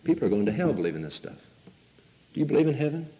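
A man's voice: medium pitch, very animated, rapid-fire, warm tone. A man preaching a sermon, emphatic and full of rhetorical questions. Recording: lo-fi hall recording.

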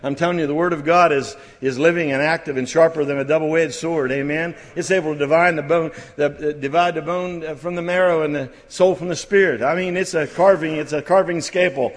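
A middle-aged man preaching at a church camp, folksy and halting with many restarts, building to fervent exhortation. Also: fairly high pitch, fairly even intonation. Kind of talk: sermon. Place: church camp meeting hall. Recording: long hall reverb.

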